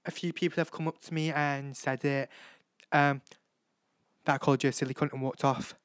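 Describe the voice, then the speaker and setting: A man's voice: fairly high pitch, little pitch movement, a little fast, clean tone, dry recording, clean studio sound, close to an everyday voice. A man doing an impression of a blunt, brash female reality-TV star, saying it without apology.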